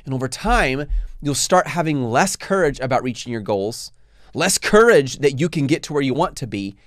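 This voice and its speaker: A man's voice: medium pitch, lively intonation, normal speed, no room sound. Earnest man, dry close sound. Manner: earnest, storytelling, acts out quotes. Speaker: podcast host. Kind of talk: motivational podcast talk.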